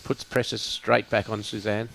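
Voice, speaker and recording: A man co-commentating live lawn bowls, agreeable and measured. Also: on the low side, level tone, creaky, a bit bright, slight background noise. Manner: agreeable, brief affirmations and measured analysis.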